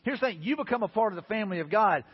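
Fast-talking pastor, husky voice. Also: male voice, high voice. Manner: animated, storytelling with repeated quotes. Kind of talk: sermon. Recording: lo-fi recording in a reverberant hall.

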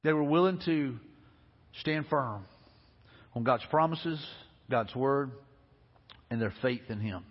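Pastor preaching in a big echoey church, husky high voice, earnest and repetitive. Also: male voice, lively intonation, slow, long pauses, lo-fi sound. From Alabama, US. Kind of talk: sermon. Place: church sanctuary.

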